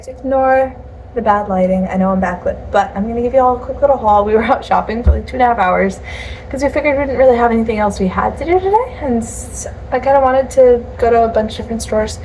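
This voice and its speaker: A woman's voice: fairly high pitch, quick pace, a little mellow, slight background noise. A young woman chatting casually in a rambling, laughing way as she vlogs her day. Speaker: vlogger. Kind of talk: casual vlog chat.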